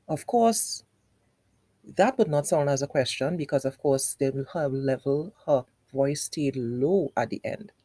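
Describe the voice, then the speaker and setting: A woman teaching young children, with a low, mellow voice that swoops widely up and down. She talks unhurriedly and patiently, repeating each point in a sing-song way, as if speaking straight to the class. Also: animated, takes it slowly, no echo. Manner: patient, explains step by step with repetition.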